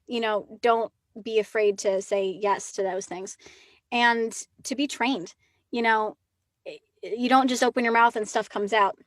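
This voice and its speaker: A woman with a high, bright-pitched voice talks easily as an interview guest. She is chatty and lively, tumbling into quick asides. Her voice sits close and dry, with no room around it. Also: no echo. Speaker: actress guest. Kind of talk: casual interview chat.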